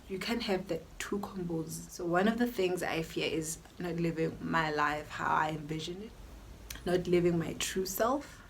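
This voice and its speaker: Brief: young South African woman, YouTuber, lower register, opinionated and chatty, faint hiss under the voice. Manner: chatty and opinionated, mixing in local languages. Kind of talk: casual Q&A vlog.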